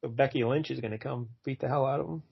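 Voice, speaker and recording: A man talks through a comic's story in an easygoing podcast chat, wry and unhurried. His voice sits in a middle range. The recording has a slightly dull, lo-fi sound. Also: mid-range voice, gravelly, slightly rough. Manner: relaxed, wry, recaps plot with quick quoted lines. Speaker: podcast co-host. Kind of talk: casual comic review chat.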